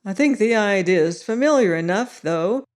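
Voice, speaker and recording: A woman's voice: medium pitch, expressive, normal speed, a little mellow, close to an everyday voice. A woman doing a brash wisecracking TV man. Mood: breezy.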